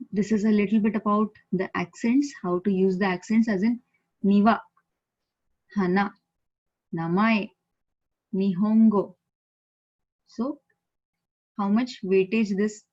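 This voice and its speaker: A woman from India with an Indian English accent, teaching a Japanese lesson over a video call, patiently repeating words slowly for learners. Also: medium pitch, darkish tone. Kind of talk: online language lesson. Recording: slightly muffled video call audio.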